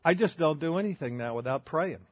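Older pastor guy, husky, kinda high voice, joking around while he preaches, dry close sound. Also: lively intonation, brisk, no room sound. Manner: folksy storytelling with self-deprecating humor. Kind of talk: sermon.

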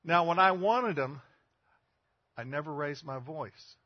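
Older guy preaching, folksy stories, kinda husky, dry dull sound. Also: fairly high pitch, lively intonation, slow, dry recording. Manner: folksy storytelling, rhetorical questions. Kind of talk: sermon.

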